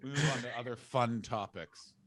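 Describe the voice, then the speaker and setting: A man as a comedian guest on a podcast, telling stories in an animated, jokey way. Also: mid-range voice, normal speed, a loud crowd. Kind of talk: casual podcast chat.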